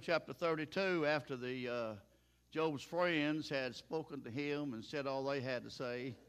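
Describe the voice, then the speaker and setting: An older man preaching a sermon in a folksy, plain-spoken way, chuckling now and then. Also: mid-range voice.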